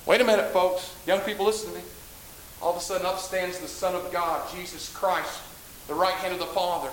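Impassioned high-voiced preacher man. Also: fairly even intonation, fairly quick, echoey room, slight background noise, rough recording. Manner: impassioned, repetitive, swings loud and soft. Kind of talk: sermon.

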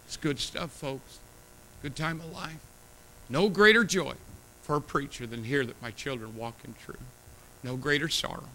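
Forceful, emotional middle-aged male preacher. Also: medium pitch, moderate pace, a little hiss or hum, low-quality recording. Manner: emotional, emphatic, conversational preaching. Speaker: pastor. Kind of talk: sermon.

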